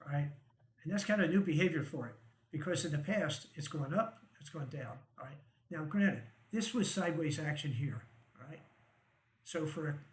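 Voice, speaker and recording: A man's voice: on the high side, reverberant, rough recording. A man hosting a stock market show, walking through charts in a casual, conversational way, often checking in with "right?" and chuckling wryly. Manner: conversational, frequent "right?" and "okay?" check-ins, wry chuckles.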